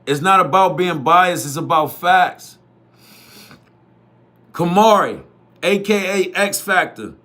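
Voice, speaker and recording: A man's voice: sits high, lively intonation, slow pace, long pauses, pushed and bright. A man who hosts youth football media, giving a blunt, profane, repetitive opinion monologue straight to his viewers.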